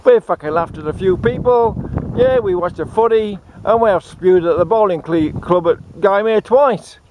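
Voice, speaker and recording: A man putting on a crude Aussie bloke at a club, loud and broad in his accent. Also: sits high, moderate pace, narrow, tinny audio, noisy background, pitched above the performer's own voice, lightly acted. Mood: boisterous. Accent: broad Australian.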